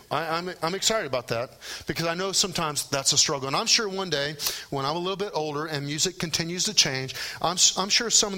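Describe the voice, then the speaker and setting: A man's voice: mid-range voice, pushed and bright. A middle-aged male pastor preaching a sermon in a conversational way, often checking in with rhetorical questions.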